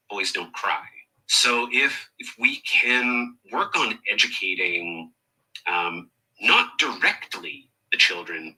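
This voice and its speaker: A man's voice: lowish voice, pushed and bright, slightly rough, poor audio. A man speaking as a guest in a discussion clip, earnest and hesitant, with many fillers. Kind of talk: discussion panel talk.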